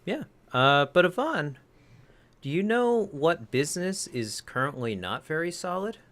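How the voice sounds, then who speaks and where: A man's voice: fairly high pitch, sing-song, measured pace, a bit bright. A man co-hosting a casual podcast, telling a rambling story that he keeps correcting as he goes. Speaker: podcast co-host. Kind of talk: casual chat.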